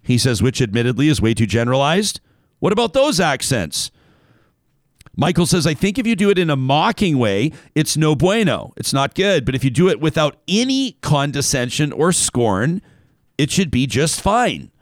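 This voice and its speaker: A man's voice: on the high side, sing-song, normal speed, no echo, clean studio sound. A man hosting a casual talk show, reading out a listener email and wandering off on tangents.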